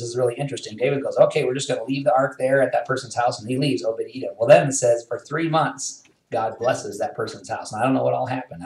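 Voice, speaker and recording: A man preaching a sermon as pastor, retelling a story in a lively, conversational way with quoted asides. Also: mid-range voice, far from the mic. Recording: roomy sound, voice a bit off-mic.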